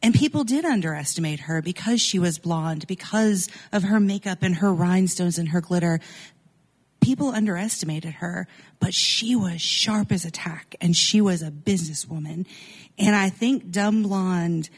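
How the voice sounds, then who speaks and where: A woman talks as a radio interview guest, emphatic and full of enthusiasm. Her voice sits on the lower side for a woman. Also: moderate pace, husky.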